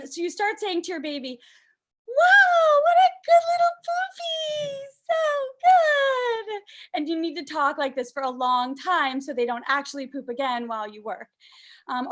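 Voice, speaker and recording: High-voiced woman doing stand-up. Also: a little fast, fairly bright tone. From Canada. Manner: self-deprecating, fillers like um, high sing-song put-on voices for baby talk. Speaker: stand-up comedian. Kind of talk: stand-up comedy set.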